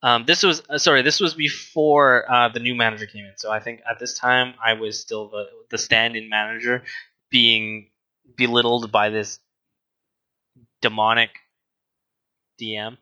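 Man, casual storyteller, animated, rambling, bright tone, dry sound. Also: medium pitch, measured pace, dry recording, dull audio. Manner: rambling, animated, with restarts and quoted dialogue. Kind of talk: casual chat, telling a work story.

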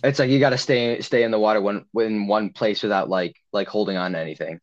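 A man's voice: on the low side, fairly even intonation, fast, dull audio. A young man casually telling a long story on a podcast, rambling with many fillers and restarts. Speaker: podcast co-host.

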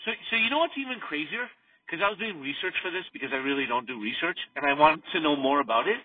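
A man co-hosting a casual podcast, telling stories in an animated way and acting out the people he quotes. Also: fairly high pitch, quick pace, husky, no echo. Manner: animated storytelling, acts out quotes. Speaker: podcast co-host. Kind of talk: casual chat. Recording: distant tinny phone-like audio.

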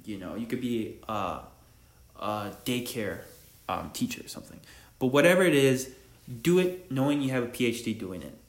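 A man's voice: medium pitch, animated, moderate pace. A young man hosting his own podcast, rambling casually in slang and laughing at himself as he talks about barbering. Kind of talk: casual solo podcast monologue. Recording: echoey room.

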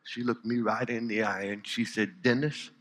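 A man's voice: lowish voice, little pitch movement, moderate pace, fairly bright tone. A man performing a dramatic, intimate spoken monologue, often dropping to near whispers. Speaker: storyteller.

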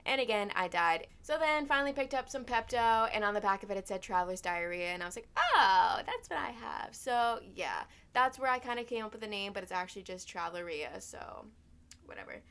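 Profane, animated young woman telling a story. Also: mid-range voice, quick pace, clear, resonant tone. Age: 20s. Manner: animated, profane, loose storytelling with many fillers. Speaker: vlogger. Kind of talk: casual storytime vlog.

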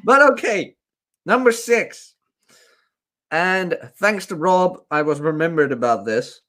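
A man's voice: lively intonation, slow pace, bright, forceful tone. A man co-hosting a podcast, chatting crudely and casually and laughing often. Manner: laughs often, puts on high voices when quoting women. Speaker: podcast co-host.

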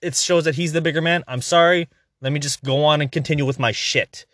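A man's voice: a little high, steady tone, fairly quick, a bit bright, dry recording, clean studio sound. A young man hosting a podcast, ranting in a heated, profane, exasperated way in casual commentary.

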